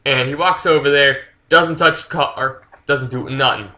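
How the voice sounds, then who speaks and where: A man's voice: medium pitch, unhurried, bright, forceful tone, rough recording. A man casually retelling a story's plot for a book review, rambling with lots of fillers and swearing freely.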